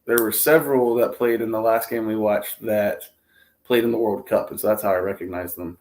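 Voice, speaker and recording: A man's voice: lowish voice, fairly even intonation, fairly quick, darkish tone. An American man hosting a livestream, chatting casually and rambling, with frequent laughs. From United States. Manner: easygoing, rambling, laughs often. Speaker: host.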